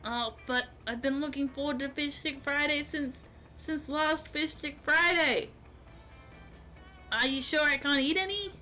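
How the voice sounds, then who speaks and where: A woman's voice: high-pitched, measured pace, pushed and bright, faint music behind, voice pushed up, rough recording. Cheerful dim jock, young guy, easygoing, woman reading, game dialogue.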